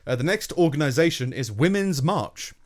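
A man's voice: on the high side, lively intonation, moderate pace. A man co-hosting a podcast in casual chat, sarcastic and swearing, often laughing while mocking what he reads out. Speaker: podcast co-host.

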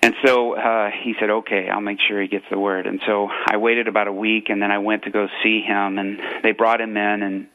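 A pastor calls in and tells a story in a low, flat voice. He acts out both sides of a conversation with earnest conviction. The sound is thin and tinny, like a phone line on the radio. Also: a little fast, hardly any pauses. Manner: earnest, retells dialogue, many fillers and restarts. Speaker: pastor and police chaplain. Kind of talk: storytelling testimony on a radio show.

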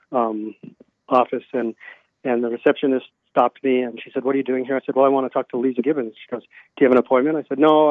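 A man's voice: medium pitch, no echo. A man, a self-published author, chatting as an interview guest in rambling anecdotes full of fillers, acting out the dialogue he quotes. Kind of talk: casual storytelling interview. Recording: dry, tinny phone-like line.

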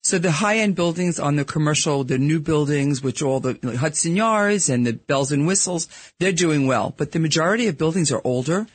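A middle-aged man with a Brooklyn accent, talking as a radio guest in a frank, emphatic, chatty manner. His voice sits a bit high for a man and has a husky grain. The sound is dry and close. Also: lively intonation, a little fast, no room sound. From New York. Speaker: guest, real estate podcaster. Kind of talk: casual radio interview chat. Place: radio studio.

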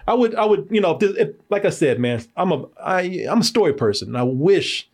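A man's voice: high voice, sing-song, brisk, darkish tone. A man hosting a casual podcast movie review, loose and joking, often breaking into laughter. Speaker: film reviewer.

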